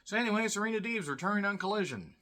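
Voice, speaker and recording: A man's voice: high voice, animated, rapid-fire, bright, forceful tone. A man giving a casual solo review of a wrestling show, blunt and sarcastic, swearing freely and sounding tired.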